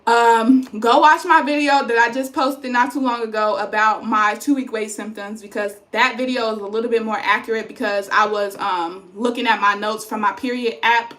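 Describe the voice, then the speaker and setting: Chatty young woman in a roomy room. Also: medium pitch. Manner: chatty, rambling, animated. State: pregnant, tired. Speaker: vlogger. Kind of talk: casual chat to camera. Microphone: phone. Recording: roomy echo.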